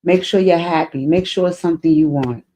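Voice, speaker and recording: A woman's voice: fairly low pitch, fairly quick, dark tone. A woman hosting an advice vlog, talking earnestly to a letter writer, often repeating her key phrases and getting emotional. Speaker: advice show host.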